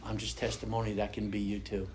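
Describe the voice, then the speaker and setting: A man's voice: fairly low pitch, flat delivery, fast talker, heavy background noise. An older man giving an earnest, conversational personal testimony at a recovery meeting, speaking to an audience in a meeting room. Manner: earnest, conversational, acts out quoted voices.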